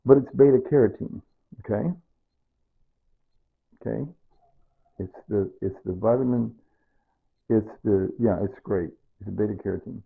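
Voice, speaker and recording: Male home cook, rambling, repetitive, casual; raspy voice, tinny phone-line audio. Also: lowish voice. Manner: rambling, repeats himself. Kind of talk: casual rambling cooking talk.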